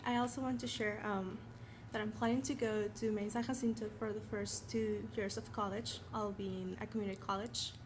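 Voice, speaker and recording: A woman's voice: mid-range voice, flat delivery, brisk, noisy background. A teenage girl from Mexico with a Mexican Spanish accent, her native tongue Spanish, giving a nervous, earnest award acceptance speech. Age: teens. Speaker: honored student.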